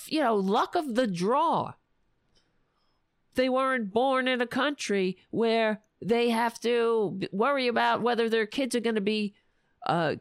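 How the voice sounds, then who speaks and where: Hoarse, profane woman ranting on a livestream. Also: mid-range voice, dry recording, clean studio sound. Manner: angry, profane, sarcastic. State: losing her voice. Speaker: livestream host. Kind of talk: political rant on a livestream.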